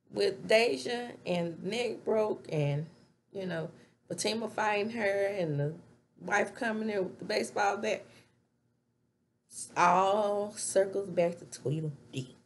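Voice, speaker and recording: A woman recapping a TV show in casual, animated chat from a home webcam setup. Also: medium pitch, slow pace, slight background noise. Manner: chatty, animated, laughs while retelling scenes. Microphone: webcam setup with ring light.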